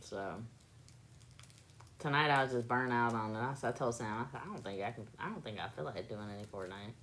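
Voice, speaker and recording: A livestream host from South Carolina talks casually with her live audience in a Southern accent, playfully repeating words to test her pronunciation. Her voice is very deep, a little fast and fairly bright, with slight background noise. She comes across as laid-back and playful.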